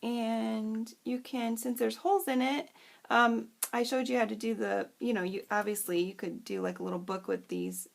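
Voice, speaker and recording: A woman's voice: fairly high pitch, steady tone, moderate pace, creaky. A woman hosting a crafting tutorial, chatty and bubbly, who rambles and often loses her train of thought. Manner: bubbly and self-deprecating. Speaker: craft channel host.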